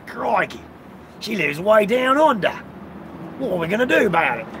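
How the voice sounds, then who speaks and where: A man's voice: sits high, sing-song, fairly quick, fairly bright tone, slight background noise, poor audio. A man co-hosting a live stream, chatting casually, joking, laughing and swearing.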